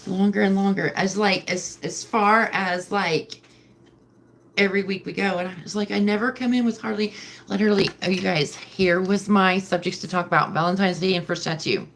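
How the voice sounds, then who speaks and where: A woman's voice: medium pitch, fairly even intonation, normal speed, a bit bright, slight background noise. A woman hosting a casual livestream from home at night, rambling and chatty with lots of fillers. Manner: chatty, filler-heavy, emotional. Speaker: livestream host. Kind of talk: rambling live-stream chat.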